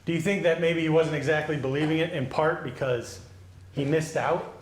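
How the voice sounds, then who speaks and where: A male pastor giving a children's sermon, gently asking the children questions and answering them. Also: a little high, fairly even intonation, moderate pace, a little hiss or hum. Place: church sanctuary. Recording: echoey church.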